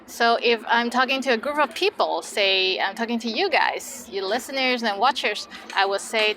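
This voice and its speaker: A woman's voice: fairly high pitch, moderate pace, hardly any pauses, pushed and bright, poor audio. A woman teaching Cantonese words, saying each word twice and then giving example sentences. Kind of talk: language lesson.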